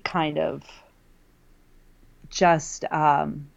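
A woman's voice: mid-range voice, expressive, a little slow, muffled recording. A woman who teaches college writing, co-hosting a casual talk and laughing often between fillers. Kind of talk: casual conversation.

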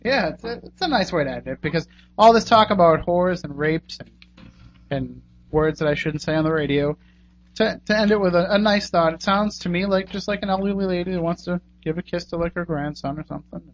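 A man's voice: sits high, a little fast. A man hosting a radio talk show, rambling casually as he thanks his guests and wraps up. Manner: chatty and rambling, thanking guests and plugging contacts. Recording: muffled radio recording with faint hum.

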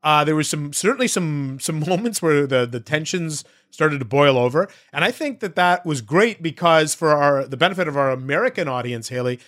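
Man from Canada, slightly high voice, eager sports podcast co-host who talks in fast bursts. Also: animated, fairly bright tone. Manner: eager, rapid bursts, audience-addressing. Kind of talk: casual sports chat.

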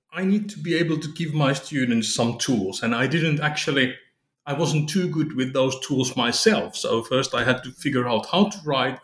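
A man's voice: medium pitch, fairly bright tone. Thoughtful man in a roomy space. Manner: thoughtful, halting, many restarts. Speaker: academic author, interview guest. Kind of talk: conversational interview answer. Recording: roomy echo.

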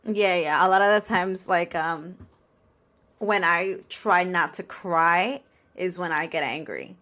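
A woman's voice: lowish voice, slow. A young woman in a casual podcast chat, talking candidly and expressively about herself. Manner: candid and expressive, acting out her own reactions.

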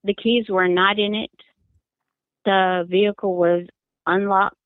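A mother giving an emotional interview, halting and repeating her words in distress. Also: medium pitch, little pitch movement, no echo. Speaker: mother of a missing daughter, interviewee. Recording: tinny phone line.

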